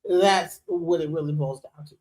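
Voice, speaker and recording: A woman hosting a reaction show, commenting in an animated, incredulous and emphatic way. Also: low voice, moderate pace. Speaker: host.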